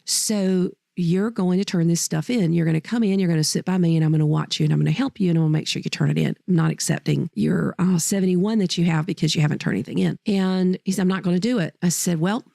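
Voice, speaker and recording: A woman's voice: lowish voice, fast, creaky, few pauses, dark tone, dry recording, studio quality. A woman teacher and podcast host telling personal stories in a heartfelt, rambling way, often correcting herself mid-sentence. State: choked up. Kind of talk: personal storytelling.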